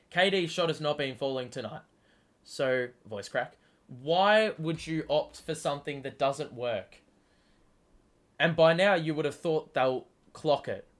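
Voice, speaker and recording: Excitable, cursing man on a live stream. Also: on the high side. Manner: excitable, swears often, talks back at the players. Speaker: host. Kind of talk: live sports watchalong commentary.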